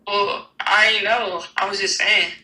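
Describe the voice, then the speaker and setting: A woman's voice: medium pitch, fairly even intonation, slow, sharp tone, reverberant, distant mic, low-quality recording. A woman on a call with a streamer, teasing and complaining.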